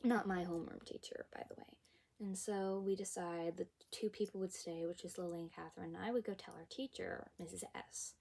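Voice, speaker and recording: A young woman recounting a personal story for her vlog, with a fairly low, mellow voice. She tells it expressively and with emphasis, dropping into whispered asides now and then. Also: fairly even intonation, brisk, vocal fry.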